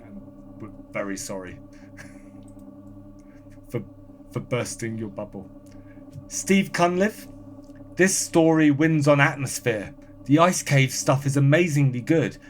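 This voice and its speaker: A man appearing as a podcast guest in casual chat, reading listener comments aloud in a brisk, dry, offhand way. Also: medium pitch, a little hiss or hum.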